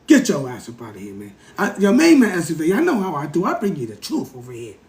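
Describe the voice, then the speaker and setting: A man hosting a livestream, lecturing in a casual, animated way, repeating himself and talking straight to his chat. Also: fairly high pitch, fast talker, reverberant. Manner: animated, repetitive, keeps addressing the chat. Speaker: livestream host.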